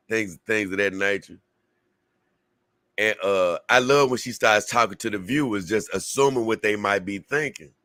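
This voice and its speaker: A man hosting a reaction show, commenting in a laughing, excitable, slangy way. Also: on the low side, dry recording, clean studio sound. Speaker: reaction host.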